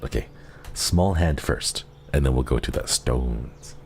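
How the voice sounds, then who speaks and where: Male streamer, very low voice, unhurried, tender and giggly, music under him. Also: gravelly. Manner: tender, giggly, easily moved. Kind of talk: casual live-stream chat. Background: soft background music.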